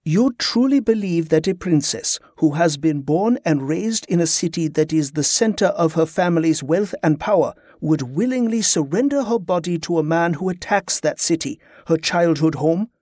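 A man voicing a formal, scholarly male pirate captain who speaks in a firm, measured way. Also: on the high side, animated, darkish tone, dry recording, clean studio sound.

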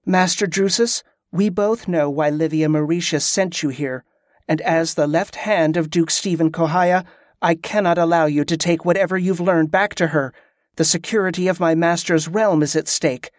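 A woman's voice: fairly low pitch, moderate pace, no room sound, studio quality, natural voice. A man voicing a firm, urgent young woman guard who gives orders. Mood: commanding.

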